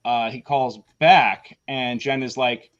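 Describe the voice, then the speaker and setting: A man tells a story in a loose, casual chat, stumbling through fillers and restarts as he goes. He is blunt and swears freely. His voice sits at a middling pitch, and the recording sounds dull and lo-fi. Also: steady tone, slow pace, a bit bright. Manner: rambling, many fillers and restarts. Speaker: host of a tabletop game show; small business owner in theater.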